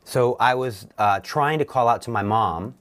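A young man, a guest on an interview show, telling his personal faith story earnestly, with halting restarts. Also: mid-range voice, a bit bright.

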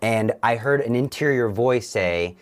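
A man's voice: medium pitch, measured pace. A man as an interview guest, earnestly recounting his faith testimony, often stumbling and restarting his sentences.

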